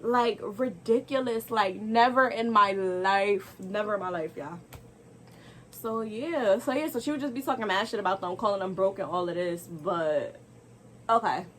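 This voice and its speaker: With a mid-range voice at a moderate pace, a young woman tells an animated, exasperated storytime to camera, complete with rhetorical asides for viewers. The recording carries a little hiss or hum.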